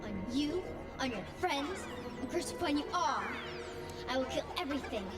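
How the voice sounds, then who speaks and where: A woman's voice: sits high, lively intonation, moderate pace. A woman voicing a bitter, vengeful ghost girl in a video game cutscene, scornful and cursing. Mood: raging. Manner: bitter, scornful, rising to screamed threats. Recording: echoey, distant, loud music behind.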